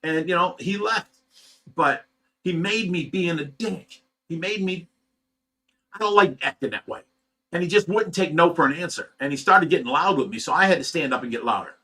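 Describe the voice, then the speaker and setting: A man's voice: a little high, lively intonation, normal speed, pushed and bright. A middle-aged man from Ohio who runs a fish rescue, venting at home in a casual, agitated monologue, stumbling over repeated words. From Ohio, USA.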